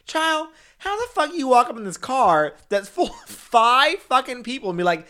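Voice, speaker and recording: A man's voice: extremely high pitch, big pitch swings, moderate pace, sharp tone. A man co-hosting a casual true-crime podcast, laughing often, swearing and using sassy slang. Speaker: podcast co-host.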